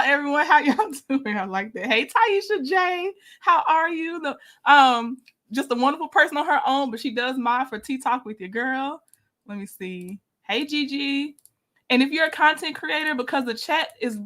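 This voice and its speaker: A woman's voice: high voice, bright, forceful tone. A woman hosting a casual livestream, chatty, laughing often and greeting viewers by name. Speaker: livestream host. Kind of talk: casual live-stream chat.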